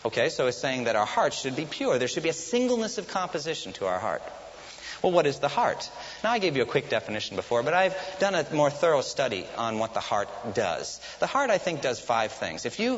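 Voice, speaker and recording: A man preaches a sermon with animated, rising and falling emphasis. He keeps asking the congregation questions and supplying the answers. The recording is muffled and faintly hissy, with a long reverb from a large hall. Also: medium pitch, a little fast. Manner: asks the congregation questions and answers them himself. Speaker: pastor.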